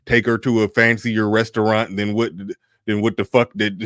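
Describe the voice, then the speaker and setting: A man's voice: fairly low pitch, little pitch movement, moderate pace, fairly bright tone, no echo, studio quality. A man giving a blunt, profane reaction commentary, talking animatedly and laughing often.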